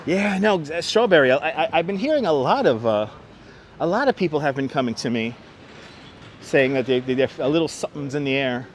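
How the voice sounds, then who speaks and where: A man's voice: fairly high pitch, expressive, a little fast. A man hosting a live stream as he walks through city streets, chatting and greeting viewers by name while reading the chat aloud. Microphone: wireless clip-on mic. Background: faint street and traffic noise.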